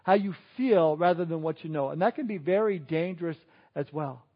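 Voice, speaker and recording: Animated high-voiced male pastor preaching. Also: a little fast, lo-fi sound. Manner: animated, acts out quoted people in exaggerated voices. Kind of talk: sermon.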